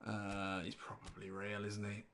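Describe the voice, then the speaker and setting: Chatty game streamer. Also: male voice, fairly low pitch, monotone, a little slow, fairly bright tone. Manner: chatty, rambling, thinks aloud and greets chat viewers. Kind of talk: live-stream gameplay commentary.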